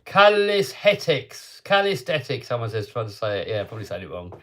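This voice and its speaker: A man's voice: lowish voice, sing-song, fast talker. A man hosting a live stream, chatting casually and answering viewer comments in an upbeat, rambling way. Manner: chatty and upbeat, with frequent self-interruptions. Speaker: host of a hobby channel livestream.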